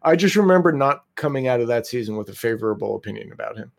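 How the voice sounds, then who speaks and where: A man in casual podcast talk, chatty and cutting in with quick additions. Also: medium pitch, lively intonation, gravelly. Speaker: podcast co-host. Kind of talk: casual chat.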